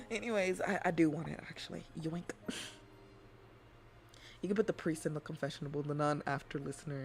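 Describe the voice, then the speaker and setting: A woman streamer chatting casually in a soft ASMR style, rambling and giggly, often dropping into whispers. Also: lowish voice, normal speed, long pauses, a little hiss or hum.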